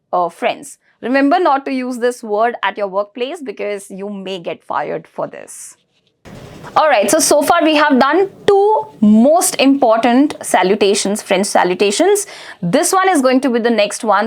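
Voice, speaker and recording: A woman teaching a beginners' language lesson, patient and repetitive, drilling each word. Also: a little high. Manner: slow, patient, repeats words for learners. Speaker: French teacher.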